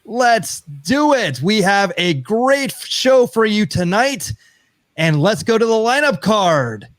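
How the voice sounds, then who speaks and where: A man with a fairly high voice hosts a casual podcast in an upbeat, welcoming tone, dropping in light chuckling asides. The sound is dry and close, with no room around it. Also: sing-song, takes it slowly, no echo. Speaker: podcast host. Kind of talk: casual chat.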